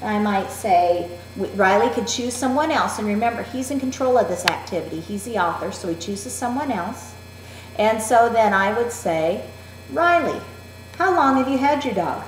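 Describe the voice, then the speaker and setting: A woman teacher demonstrating a classroom activity in a clear, deliberate, instructive way. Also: medium pitch, a little hiss or hum. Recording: roomy echo.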